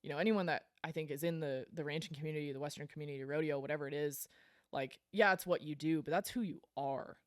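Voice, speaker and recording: A woman's voice: low-pitched, fairly even intonation, fast, dry recording, clean studio sound. A woman guest on a podcast, telling her story in a blunt, frank way, swearing casually and laughing between lines. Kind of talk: candid storytelling interview.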